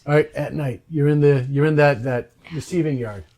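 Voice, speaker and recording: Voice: medium pitch, normal speed, mellow. Hesitant, rambling dungeon master. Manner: hesitant, many ums, casual. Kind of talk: narrating a tabletop game. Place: home with family.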